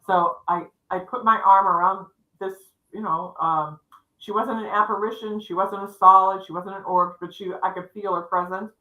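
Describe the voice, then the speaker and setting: A middle-aged woman, a psychic co-hosting a livestream, telling her stories in a chatty, lively way and acting out the dialogue. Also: medium pitch, normal speed, roomy sound, highs cut off. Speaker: psychic co-host. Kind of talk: storytelling in casual chat. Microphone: livestream setup.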